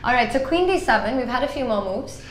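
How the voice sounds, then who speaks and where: Brisk woman calling chess moves. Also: on the high side, lively intonation, echoey room, a little hiss or hum. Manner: brisk and confident, calls out moves. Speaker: chess commentator. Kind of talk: live chess commentary.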